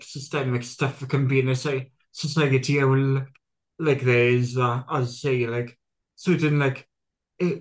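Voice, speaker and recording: A man hosting a casual conversation, who speaks haltingly and often stops to search for words. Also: medium pitch. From Great Britain.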